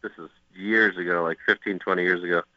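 A man's voice: low-pitched, fairly even intonation, fast, dry recording, dull audio. A man on a golf broadcast, casually chatting and telling rambling stories with jokes. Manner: rambling storyteller, joking.

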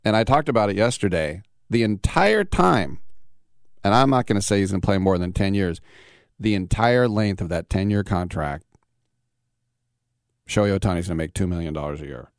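A man's voice: fairly low pitch, smooth, dry recording, studio quality. A man hosting a sports talk radio show, rambling in a brash, casual way and firing off rhetorical questions.

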